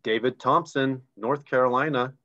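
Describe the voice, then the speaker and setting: Speaking at normal speed, a man with a medium-pitched, bright voice and a forceful tone co-hosts a live online recognition event. He reads names and chats eagerly about ranks, all through dull, lo-fi video call audio.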